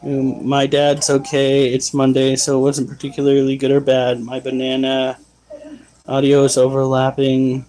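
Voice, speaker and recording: A man hosting a casual pet livestream, loudly scolding his dogs and reading chat comments aloud. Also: medium pitch, monotone, moderate pace, low-quality recording.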